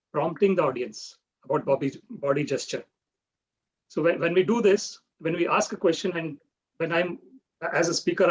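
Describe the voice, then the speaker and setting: A man's voice: a little high, slightly rough. A man leading an online public speaking workshop, explaining step by step and often checking in with "right?". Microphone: video call. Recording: dull lo-fi video call audio.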